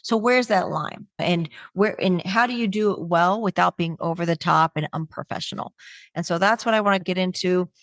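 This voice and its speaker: Brash joking woman with a low voice. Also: moderate pace, no echo, clean studio sound. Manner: brash, joking, punchy delivery with acted-out quotes. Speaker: webinar speaker on humor. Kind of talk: stand-up style comedic talk.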